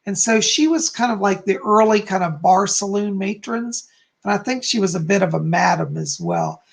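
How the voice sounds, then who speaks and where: A man's voice: high voice, big pitch swings, normal speed, gravelly. A man hosting a live-stream psychic reading, answering viewers in a chatty, reassuring way and often ending points with "okay?". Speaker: psychic host.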